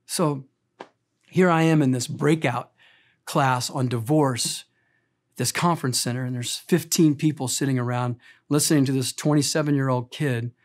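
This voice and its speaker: A pastor in his fifties, his voice on the high side, preaches an impassioned, emotional sermon. He swings between loud, emphatic lines and quiet, confiding ones, and speaks of being easily choked up.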